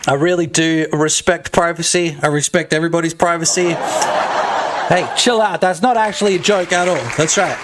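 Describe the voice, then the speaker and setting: Australian male streamer, 30s, high voice, jokey and profane, loud outbursts, noisy mic with key clicks. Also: fairly even intonation, moderate pace, over a noisy crowd. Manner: joking, swears, bursts into loud shouts. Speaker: game dev streamer. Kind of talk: casual live-stream chat.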